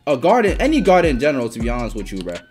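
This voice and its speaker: A young man giving casual gameplay commentary, excitable and swearing often as he trash-talks teammates and opponents. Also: medium pitch, racing. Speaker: gaming YouTuber. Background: background music.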